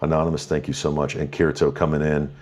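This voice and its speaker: A man's voice: very deep voice, level tone, darkish tone. A man hosting a live stream, thanking viewers and running through their messages in an upbeat, slightly tired way with lots of fillers. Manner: upbeat, thankful, quick rundown with fillers and restarts. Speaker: livestream host. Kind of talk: live stream commentary, reading super chats.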